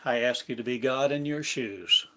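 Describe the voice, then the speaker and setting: A man giving a meditative spiritual lesson, speaking in slow, repetitive, incantatory phrases. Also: mid-range voice, bright, forceful tone. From United States. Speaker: spiritual teacher.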